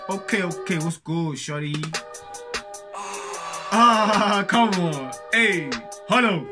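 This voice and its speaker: A young man hosting a reaction video, talking in excitable street slang and throwing in shouted interjections. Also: sits high, slow. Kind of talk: hyped casual reaction commentary. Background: music track playing faintly.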